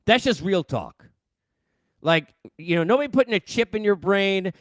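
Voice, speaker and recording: Man from new york, middle-aged, sports host, animated rant, dry headset mic. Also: sits high, moderate pace, dry recording. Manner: animated, exasperated, rhetorical questions. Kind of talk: casual ranting commentary.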